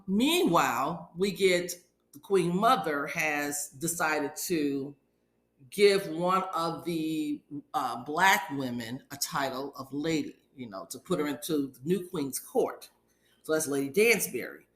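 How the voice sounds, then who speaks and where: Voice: medium pitch, animated, takes it slowly, pushed and bright, reverberant. A podcast host giving a casual episode recap, retelling scenes in a chatty way and acting out quotes from the characters.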